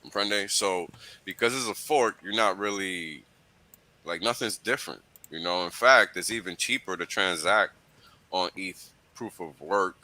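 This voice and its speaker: A man's voice: low voice, measured pace, pushed and bright. A man hosting a casual crypto talk show, explaining things step by step and often checking in with "right?" and "you know". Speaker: host.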